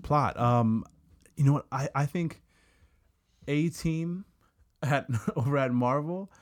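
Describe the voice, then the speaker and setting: A man's voice: on the high side, slow pace. A man co-hosting a casual podcast, talking in rambling stretches with stammered restarts. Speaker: podcast co-host.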